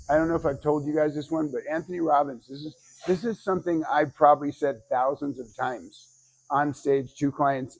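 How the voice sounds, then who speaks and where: Brash man teaching a class, slightly high-pitched, animated and profane. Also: creaky. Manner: animated, acts out quotes, swears casually. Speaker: public speaking teacher. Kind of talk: informal class lecture.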